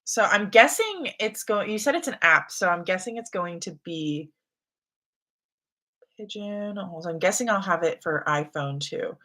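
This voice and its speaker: A young U.S. woman with a medium-pitched voice talks at a moderate pace while hosting a relaxed reading livestream. She chats comfortably and voices the messages viewers send in.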